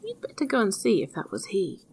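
A woman's voice: mid-range voice, huge pitch swings, fairly quick, darkish tone, breathy edge. Woman reading as a fearless, earnest young man. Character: fearless naive young man, eager and plain-spoken.

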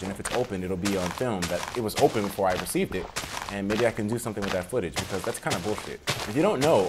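A man casually commentating a game, rambling and swearing, sometimes bursting into loud laughter. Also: medium pitch, a little hiss or hum. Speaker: gaming commentator. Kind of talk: casual let's-play commentary. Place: room at home with windows open.

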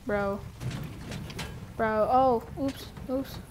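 Gaming creator, woman, high voice, easygoing pace, excitable play-by-play over noisy game sound. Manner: excitable, quick exclamations. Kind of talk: playful gameplay commentary.

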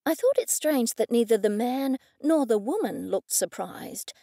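Female audiobook narrator, lively first-person read, dry close sound. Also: on the high side, a little slow, creaky, no room sound.

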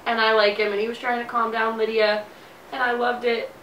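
Gushing high-voiced young woman, echoey. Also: a little fast, recorded from a distance, a little hiss or hum. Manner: gushing, excitable fangirl. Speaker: fan recap host. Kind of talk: casual chat. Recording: echoey room, a bit off-mic.

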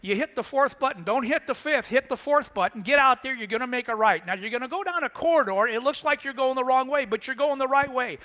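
A man voicing a hurried male shuttle driver who rattles off step-by-step directions, heard in a church with a long echo. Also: very high-pitched, bright, forceful tone, pitched above the performer's own voice. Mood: insistent. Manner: rapid barked instructions.

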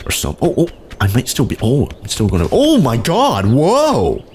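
A young man giving excitable, casual commentary while playing a video game, often exclaiming and laughing. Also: lowish voice, normal speed, few pauses, slight background noise. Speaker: let's play host.

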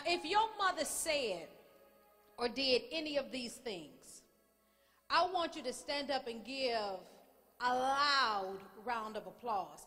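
A woman's voice: high-pitched, pushed and bright. A middle-aged woman minister addressing a congregation in a playful call-and-response style. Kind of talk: lively church address to congregation. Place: large church sanctuary. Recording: echoey hall, congregation noise.

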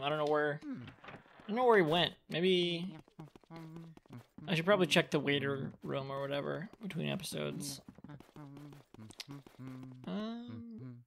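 A man hosting a let's play, commenting on the gameplay, yelling and cursing at the game, then muttering quietly. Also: a little high, creaky.

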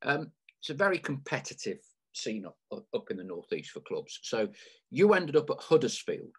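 A man's voice: mid-range voice, sing-song, moderate pace, breathy edge. A man hosting a podcast, asking rambling, chatty questions with lots of fillers. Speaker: podcast host. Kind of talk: casual interview.

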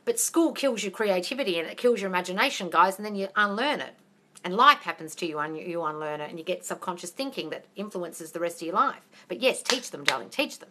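Australian woman, bright voice, blunt and sweary live Q&A host who calls people darling. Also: on the low side, expressive, a little fast, a little hiss or hum. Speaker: manifesting coach hosting a live Q&A. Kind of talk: casual live Q&A.

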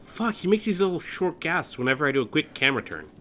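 A man's voice: fairly high pitch, very animated, fast talker, sharp tone, a little hiss or hum. A man hosting a horror game let's play, nervous and jumpy, swearing often and cracking self-mocking jokes.

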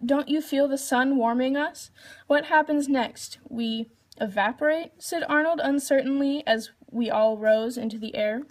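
High-voiced woman reading a storybook aloud. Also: fairly even intonation, normal speed. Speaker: reader.

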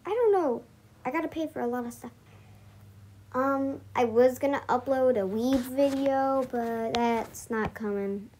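A woman's voice: high-pitched, measured pace, darkish tone, a little hiss or hum. A woman giving rambling, hesitant commentary while playing a game, with frequent giggles. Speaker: channel owner. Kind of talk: casual gameplay commentary. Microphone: screen recording with voice mic.

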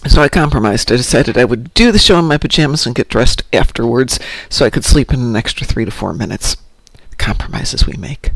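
A man's voice: medium pitch, lively intonation, a little fast, vocal fry, a bit bright, dry recording. A middle-aged man hosting a casual morning show, rambling and poking fun at himself. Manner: rambling and self-mocking.

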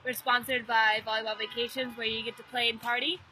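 A woman's voice: a little high, little pitch movement, quick pace, pushed and bright, rough recording. A sixteen-year-old girl doing live commentary at a beach volleyball match, chatty and joking between points. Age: teens. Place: outdoor beach volleyball event.

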